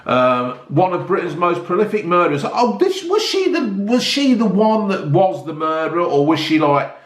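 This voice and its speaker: A man's voice: sits high, sing-song, normal speed. A middle-aged man chatting casually as a vlogger, reacting bluntly to news stories with plenty of swearing. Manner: blunt, sweary, ranting commentary. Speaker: vlogger reviewing newspaper stories. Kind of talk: casual chat. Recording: echoey room.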